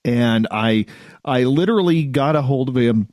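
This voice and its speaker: A man hosting a radio show, telling stories with animated energy and laughing as he talks. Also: medium pitch, normal speed, no room sound, studio quality. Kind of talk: casual chat.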